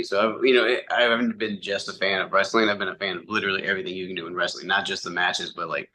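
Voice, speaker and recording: A man, a commentator and comedian, telling stories fast in a casual interview, with quick voiced asides. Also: low-pitched, sharp tone. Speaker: wrestling commentator and comedian guest.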